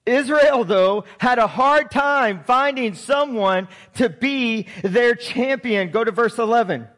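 A man's voice: extremely high pitch, slow pace, a bit bright. A man preaching a sermon, telling a personal story in a conversational way, then reading and explaining scripture. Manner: conversational storytelling, chuckles, direct questions to listeners. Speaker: pastor. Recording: long hall reverb.

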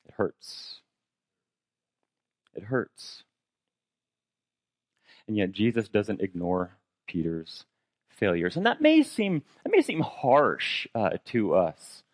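A man's voice: lowish voice, very animated, measured pace, dry recording. A man preaching a sermon in a conversational way, posing rhetorical questions and retelling a story dramatically. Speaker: pastor.

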